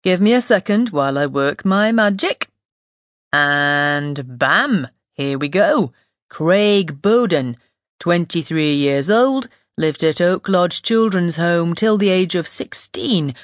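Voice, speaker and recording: A woman's voice: on the low side, lively intonation, takes it slowly, no echo, clean studio sound. A woman voicing a chirpy male police tech worker with a thick Northern English accent, upbeat and a bit showy. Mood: helpful.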